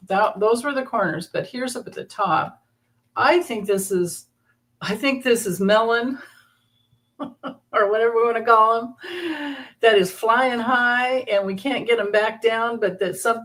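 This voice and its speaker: A woman hosting a live tarot reading, talking in a rambling, halting way as she explains the cards in a casual chat. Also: on the high side, fairly bright tone. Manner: rambling, halting, with frequent restarts and laughter. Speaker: tarot reader, channel host.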